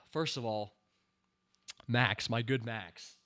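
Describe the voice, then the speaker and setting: A man's voice: medium pitch, very slow, fairly bright tone. A man giving a rambling, sarcastic spoken commentary, full of fillers and incredulous outbursts. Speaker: show reviewer.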